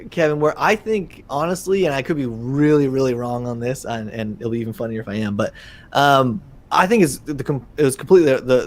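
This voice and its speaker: Man, fan podcast co-host, mid-pitched, excitable, rambling retelling. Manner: animated, excitable retelling with many restarts. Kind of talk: casual chat.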